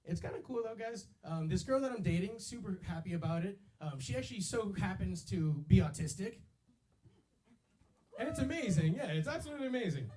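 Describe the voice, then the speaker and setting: A man's voice: sits high, expressive, brisk, mellow. A man in his twenties doing a stand-up set on a club stage into a handheld mic, loose and slangy, throwing in yo and baby. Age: 20s. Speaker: stand-up comedian.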